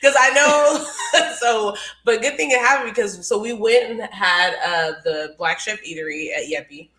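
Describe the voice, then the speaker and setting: A woman's voice: medium pitch, normal speed, bright, forceful tone. A young woman co-hosting a podcast, telling stories animatedly with frequent laughter and swearing. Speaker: podcast co-host. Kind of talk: casual chat. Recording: echoey room.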